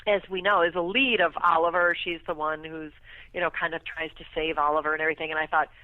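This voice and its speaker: A woman telling a lively story as a guest on a radio talk show, laughing often as she talks. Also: low voice, fast, no room sound. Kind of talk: casual storytelling interview. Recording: tinny phone line, dry.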